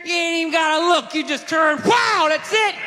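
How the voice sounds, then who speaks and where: Brief: comic putting on a drawling redneck gun salesman, loud and repetitive, high bright voice, hall reverb. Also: a little slow, a crowd in the background, noisy background. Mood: pushy. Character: laid-back male gun-store redneck, pushy.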